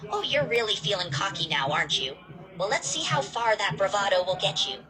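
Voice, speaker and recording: A woman's voice: medium pitch, big pitch swings, a little fast, over music, natural voice, rough recording. A woman voicing a huge, cruel male monster who taunts and gloats, in an amateur fan audio drama. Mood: mocking.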